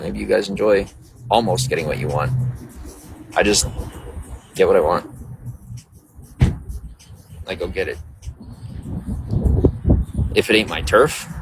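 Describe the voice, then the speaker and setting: A man's voice: low voice, vocal fry, background noise. A man casually chatting on a live stream, greeting viewers by name in a loose, boastful, flirty way.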